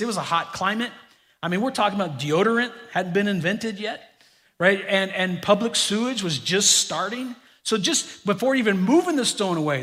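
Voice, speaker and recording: A middle-aged man preaching a sermon to his congregation, animated and joking with them in asides. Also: high-pitched. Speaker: pastor. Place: church sanctuary. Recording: long reverb of a large hall.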